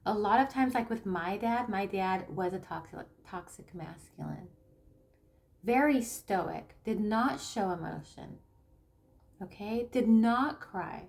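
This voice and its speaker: A spiritual coach and tarot reader talks casually to camera, animated and a little mellow, with vocal fry. Her speech is halting, full of restarts and fillers, and her phrases trail off into a low murmur.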